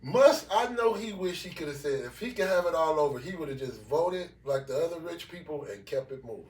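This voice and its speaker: A man co-hosting a casual talk show, blunt and profane, talking in an animated way. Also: fairly high pitch, brisk. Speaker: podcast co-host. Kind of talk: casual chat. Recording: echoey room, mic at a distance.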